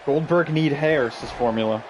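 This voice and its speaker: A man's voice: a little high, normal speed, background noise. A man streaming a wrestling video game, calling the action in a bombastic mock announcer voice and bantering with the chat.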